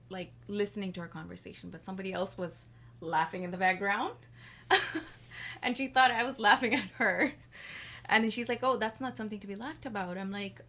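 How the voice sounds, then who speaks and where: Woman guest, confident and chatty, drifts through long answers at an average pitch. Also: bright, forceful tone. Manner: rambling, frequent "like" fillers; self-assured, talks about herself at length. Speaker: podcast guest. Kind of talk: casual chat.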